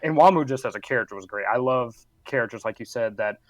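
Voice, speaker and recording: Measured man, dry close sound. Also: mid-range voice, no echo. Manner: agreeable, measured explainer. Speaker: podcast co-host. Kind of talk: casual podcast chat.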